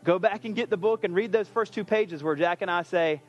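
A male pastor giving an energetic, conversational sermon. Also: sits high, a little fast, hardly any pauses, lo-fi sound. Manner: energetic, conversational, animated preaching.

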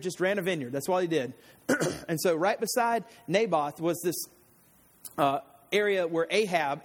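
High-voiced man preaching casually. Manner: chatty storyteller, retells scripture in everyday slang. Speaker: pastor. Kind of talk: casual Bible teaching sermon.

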